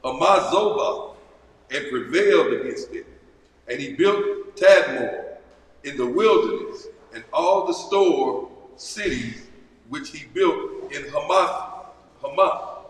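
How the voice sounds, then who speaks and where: A man in a study group reading scripture aloud, steady and careful. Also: a little high, slow. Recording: distant voice in an echoey hall.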